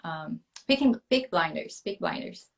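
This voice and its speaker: A woman with a fairly low voice for a woman, whose first language is Portuguese, hosting a casual live interview. She speaks softly, with short questions and quiet backchannels. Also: expressive, normal speed, gravelly. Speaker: host, interviewer.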